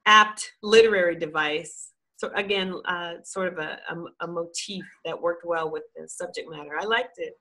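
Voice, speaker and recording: A woman's voice: fairly low pitch, steady tone, normal speed, hardly any pauses, pushed and bright, poor audio. A woman book reviewer giving a thoughtful conversational review, restarting phrases as she works out her points.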